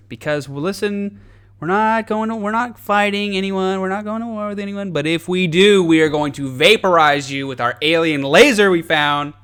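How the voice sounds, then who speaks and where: A man's voice: sits high, normal speed, fairly bright tone, clean tone. A man hosting a podcast, ranting in a casual, sarcastic, profane comedic way. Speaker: podcast host.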